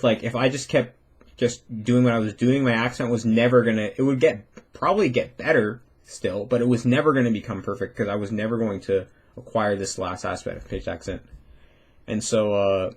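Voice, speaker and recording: A young man telling a casual, rambling story about learning a language, with frequent restarts and the odd swear word. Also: medium pitch. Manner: rambling, swearing, acts out quoted voices.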